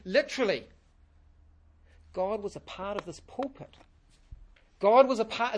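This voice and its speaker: A man preaching a sermon in a church, earnest and repeating key phrases for emphasis. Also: sits high. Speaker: pastor.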